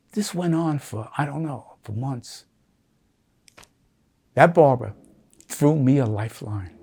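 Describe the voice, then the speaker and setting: Husky older man telling his story. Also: medium pitch. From United States. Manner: animated, acts out voices in his story. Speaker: interviewee. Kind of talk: emotional storytelling.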